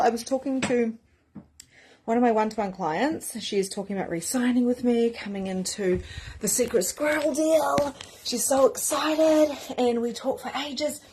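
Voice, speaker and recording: A woman's voice: high-pitched, darkish tone, a little hiss or hum. A woman spiritual coach on a casual, effusive live stream who talks straight to her viewers, greets commenters by name and swears freely. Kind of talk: live-streamed motivational talk.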